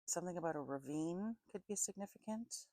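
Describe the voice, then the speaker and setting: A woman with a low, deep voice gives a psychic reading in a musing, unhurried way. She spells out names letter by letter, trails off, and corrects herself. The sound is dry and close, with no room around it. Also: animated, dark tone, dry recording, low-quality recording. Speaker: psychic reader. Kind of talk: intuitive reading monologue.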